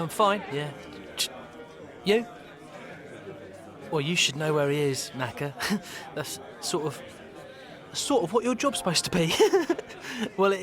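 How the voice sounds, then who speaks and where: A stammering, awkward wedding guest. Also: male voice, on the high side. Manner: stammering, hesitant, nervous laughs. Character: awkward rambling man at a wedding, fumbling and overeager. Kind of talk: radio comedy monologue.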